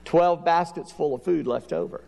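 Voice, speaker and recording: A middle-aged man preaches in a folksy, storytelling way, acting out bits of dialogue. His voice sits a little high and has a gravelly edge. It rings with the long reverb of a church hall. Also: normal speed, warm tone. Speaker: pastor. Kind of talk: sermon.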